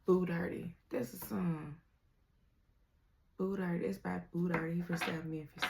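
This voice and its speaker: A woman's voice: fairly low pitch, fairly even intonation, unhurried, gravelly, pauses often, background noise. A woman giving a casual tarot reading to her viewers. She uses slang, laughs often and speaks straight to the viewer. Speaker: tarot reader.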